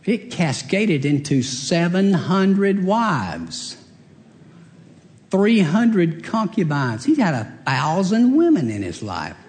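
A man's voice: high voice, wildly swooping pitch, slow, a little mellow. A man preaching a humorous sermon, a folksy storyteller who laughs along with his own jokes. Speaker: pastor. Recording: long hall reverb.

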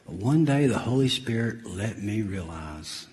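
A man preaching a sermon, telling a family story and swinging from loud, laughing storytelling to a hushed, grave close. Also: on the low side, lively intonation, unhurried, few pauses, slight background noise. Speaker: pastor. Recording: long hall reverb.

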